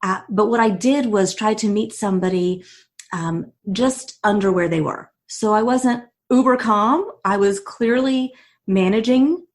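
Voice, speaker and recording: A woman guest on a podcast interview, telling a personal story with quick bursts, restarts and laughs. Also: medium pitch. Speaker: guest, author and CEO.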